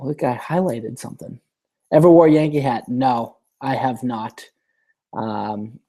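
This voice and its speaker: Mellow-voiced man hosting a rambling live chat. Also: mid-range voice. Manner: rambling, with many restarts; reads viewer questions aloud. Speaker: live-stream host. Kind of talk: casual live-stream Q&A.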